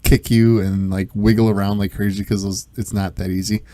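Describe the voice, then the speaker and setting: A man's voice: fairly low pitch, flat delivery, a little fast, heavy background noise. A man hosting a casual podcast, candid and rambling, laughing easily as he swaps parenting stories. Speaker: podcast host. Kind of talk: casual chat.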